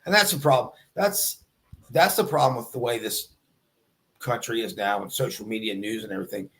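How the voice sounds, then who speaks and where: Laid-back, halting male cop guest. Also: mid-range voice, creaky, fairly bright tone. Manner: halting, lots of fillers, measured, sees both sides. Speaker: police officer guest. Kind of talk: casual livestream chat.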